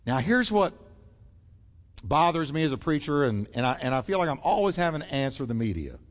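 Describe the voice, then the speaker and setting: A man's voice: on the high side, big pitch swings, fairly quick, in a large hall. A man preaching a sermon as pastor, emphatic and acting out the voices he quotes.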